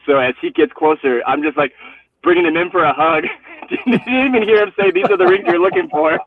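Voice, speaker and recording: A man's voice: high voice, fairly quick, no room sound, distant mic. Man telling a story over a tinny line. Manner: animated storytelling, laughing often. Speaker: guest caller. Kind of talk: casual chat.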